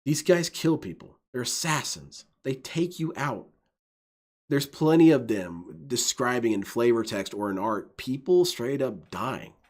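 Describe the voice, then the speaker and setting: Lively, rambling gaming commentator man. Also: mid-range voice, a little slow. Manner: enthusiastic, rambling, laughs often. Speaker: gaming video host. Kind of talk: rambling let's-play commentary.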